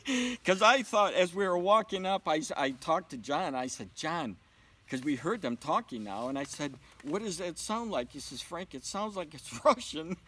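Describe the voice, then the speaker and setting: A man's voice: fairly high pitch, animated, normal speed, a bit bright, rough recording. A man telling a personal story in a casual interview, acting out the dialogue. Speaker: interview guest.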